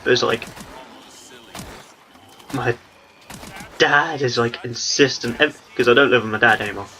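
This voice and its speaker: A man's voice: medium pitch, measured pace, bright, forceful tone, slight background noise, low-quality recording. A young man with an English accent, talking in a rambling, chatty way as he commentates on his gameplay. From England. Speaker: gaming channel host.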